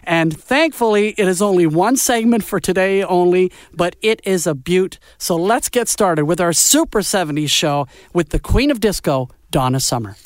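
A man hosting a music radio show, chatting in an animated, joking way. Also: sits high, moderate pace, few pauses, dry recording, studio quality. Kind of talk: casual chat.

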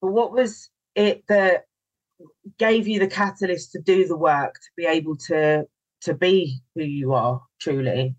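A man hosting an interview, encouraging his guest and quick to laugh. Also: a little high, lo-fi sound. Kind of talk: podcast interview.

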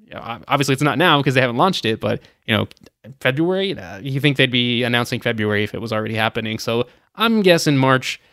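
A man's voice: mid-range voice, animated, fast, a bit bright, no echo, clean studio sound. A man hosting a travel news podcast, running through the news in a casual, opinionated way with lots of fillers. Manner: chatty and opinionated, many "you know" fillers. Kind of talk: casual news rundown with commentary.

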